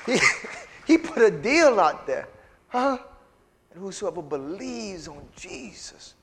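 A high-pitched male preacher, working a congregation with call-and-response. His voice rises from hushed lines to loud, ringing ones. The sound carries a long hall reverb. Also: sing-song, slow pace, long pauses, highs cut off, a faint crowd, slight background noise. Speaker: pastor. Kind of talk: sermon. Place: large church sanctuary with reverb.

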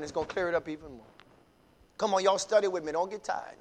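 A man preaching a sermon, moving from quiet teaching into shouted, fervent delivery while calling out to his congregation. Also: high voice, fast.

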